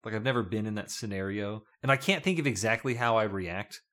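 A man's voice: on the low side, expressive, brisk, pushed and bright. A man co-hosting a casual podcast, chatting in a jokey way and laughing often. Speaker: podcast co-host.

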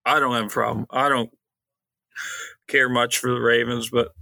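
A hungover man from Ohio co-hosting a podcast, giving terse, laconic answers. His voice has a gravelly, fry-laden edge but a bright, forceful tone. The sound is dry and close. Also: medium pitch, flat delivery, normal speed, no echo. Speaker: podcast co-host. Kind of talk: casual chat.

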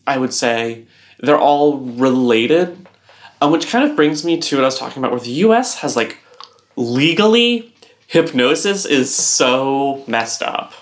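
A woman's voice: a bass voice, animated, measured pace. Rambling young woman co-hosting a podcast. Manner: rambling explainer, heavy use of "like" and "um". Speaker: podcast co-host. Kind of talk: casual podcast chat.

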